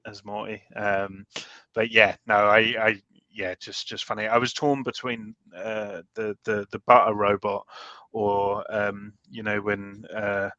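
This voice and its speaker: A man's voice: fairly low pitch, level tone, pushed and bright, no echo, lo-fi sound. A British man co-hosting a casual chat about comics, joking and laughing often. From Britain. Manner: laughing, joking, quick banter. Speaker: podcast co-host.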